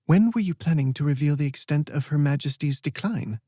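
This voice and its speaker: A man's voice: on the high side, lively intonation, fairly quick, mellow, dry recording, clean studio sound. A male audiobook narrator voicing a stern, formal female guardian who speaks firmly. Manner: firm and formal. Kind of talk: audiobook character voice.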